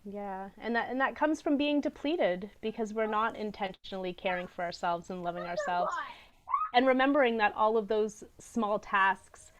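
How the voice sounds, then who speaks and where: A woman's voice: mid-range voice, normal speed, slight background noise. A woman with children co-hosting a podcast, talking in an earnest, reflective way and sometimes searching for her words. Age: adult parent. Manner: earnest, gently searching for words, with soft laughs. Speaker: podcast co-host. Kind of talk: reflective casual conversation.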